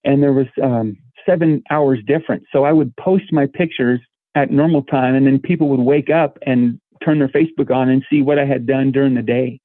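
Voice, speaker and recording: A man's voice: mid-range voice, a little fast, no echo. A middle-aged man speaking as a guest in a casual interview, earnest and given to restarting his words. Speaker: volunteer guest. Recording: tinny phone-like line.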